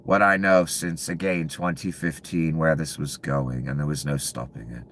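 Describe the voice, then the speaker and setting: A man delivering a profane, angry political rant to viewers, dropping to low mutters and then bursting out loud. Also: fairly even intonation, moderate pace, slight background noise. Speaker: commentary channel host.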